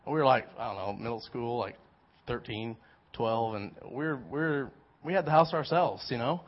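A young man giving a casual sermon, telling a personal story in an animated way with many restarts. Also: medium pitch, moderate pace. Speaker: preacher. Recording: dull lo-fi recording.

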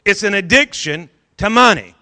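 A man preaching with fire, his voice pitched high and ringing bright. He hammers phrases again and again and urges the congregation to speak up with him. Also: lively intonation, normal speed. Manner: fervent, repeats phrases for emphasis, urges the congregation. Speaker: pastor. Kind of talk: sermon.

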